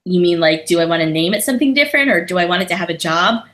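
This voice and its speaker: Lady rambling along, bright edgy voice, pokes fun at herself. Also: on the low side, animated, racing. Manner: chatty, self-deprecating, rambling restarts. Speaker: podcast guest, lawyer and comedian. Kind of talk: casual conversation.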